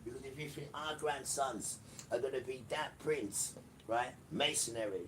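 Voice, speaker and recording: A man's voice: mid-range voice, measured pace, noisy background. A man preaching an emphatic livestream sermon, repeating phrases and speaking straight to the listener. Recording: distant mic with loud music behind.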